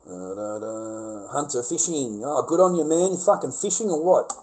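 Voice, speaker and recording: A high-voiced Australian man rambles through a casual livestream, swearing constantly and bantering loudly with callers. His talk is rowdy and unfiltered. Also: fairly quick, rough recording.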